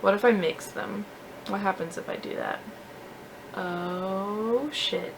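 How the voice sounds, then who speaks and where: A young woman chats through her makeup routine, rambling and poking fun at herself. Her voice has a gravelly edge with vocal fry. There is a faint hiss of noise underneath. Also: medium pitch, animated, slow. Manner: chatty, self-deprecating, many fillers like "like". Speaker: beauty vlogger. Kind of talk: casual chat while doing makeup.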